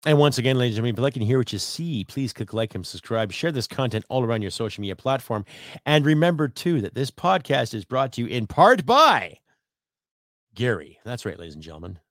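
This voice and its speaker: A man's voice: mid-range voice, lively intonation, quick pace, fairly bright tone, dry recording, studio quality. A man from Canada hosting his own solo podcast, ranting bluntly and profanely at his audience. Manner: blunt, profane, rambling rant. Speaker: podcast host.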